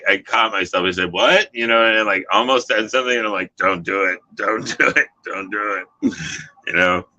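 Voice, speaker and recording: Deep-voiced man rambling and cursing. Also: sharp tone, highs cut off. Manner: rambling, profane, heavy on "you know" and "like". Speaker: dishwasher. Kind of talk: casual chat.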